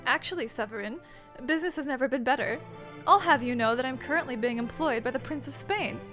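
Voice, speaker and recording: A woman's voice: sits high, fast, music in the background, close to an everyday voice. A woman voicing a proud male bird defense attorney in a game, speaking dry and firm.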